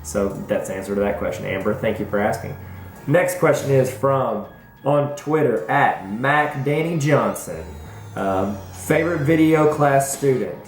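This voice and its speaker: A man's voice: medium pitch, lively intonation, measured pace. A man with a Southern US accent, a school principal answering viewer questions in a playful, rambling, self-mocking way. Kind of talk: casual Q&A vlog. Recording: echoey room with faint music.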